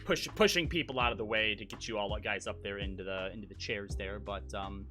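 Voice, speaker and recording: A man's voice: lowish voice, a little fast, over music. Laid-back man running a tabletop game. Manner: relaxed, with fillers. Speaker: game master.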